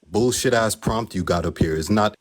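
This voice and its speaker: A man's voice: fairly low pitch, normal speed. A man calling into a heated live-stream debate, heckling the host with sarcasm and swearing.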